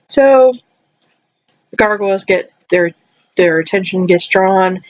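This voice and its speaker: A young woman vlogger rambling casually, her voice jumping high when excited, her throat a little dry. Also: slow, a little hiss or hum. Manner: chatty, rambling, animated with sudden high jumps. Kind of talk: casual chat. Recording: slightly dull lo-fi audio.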